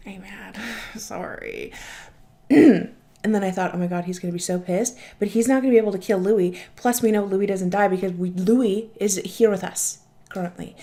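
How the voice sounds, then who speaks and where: A woman's voice: mid-range voice, dark tone. A young woman hosting a reaction video, talking in a chatty, gushing way and swearing casually. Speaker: reaction channel host.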